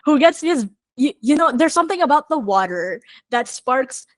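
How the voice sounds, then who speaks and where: A woman songwriter talking as a podcast guest in a candid, chatty way, thinking out loud as she goes. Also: high-pitched, animated, moderate pace, dry recording.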